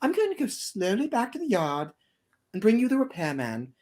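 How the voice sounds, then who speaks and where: A livestreamer voicing a shy but clever female vehicle in a told story, speaking softly and hesitantly. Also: medium pitch, wildly swooping pitch, normal speed, voice pushed up. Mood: teasing. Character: timid, gentle female vehicle.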